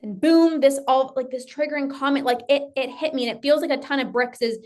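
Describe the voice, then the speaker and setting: A woman's voice: sits high, fairly quick, a little mellow. A woman coach giving an emphatic motivational talk, often acting out her client's thoughts and repeating phrases for effect.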